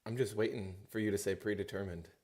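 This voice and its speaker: A man's voice: on the low side, fairly even intonation, fast, darkish tone. A man on a podcast chiming in with teasing, joking remarks. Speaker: podcast co-host. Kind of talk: casual chat.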